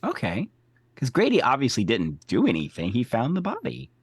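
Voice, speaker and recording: A man's voice: medium pitch, huge pitch swings, moderate pace, slightly rough, no echo. A man co-hosting a podcast, chatting casually about a TV episode with wry, quipping remarks. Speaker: podcast co-host.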